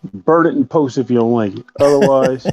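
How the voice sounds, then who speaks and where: A man joking around as a podcast co-host, tossing out quick quips. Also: mid-range voice, a little mellow, no room sound, lo-fi sound. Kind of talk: casual chat.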